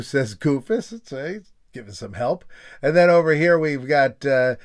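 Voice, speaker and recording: A man's voice: medium pitch, lively intonation, moderate pace. A man hosting a nostalgia video in a casual, joking tone, reading old magazine pages aloud and slipping into silly voices. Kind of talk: casual comedic commentary.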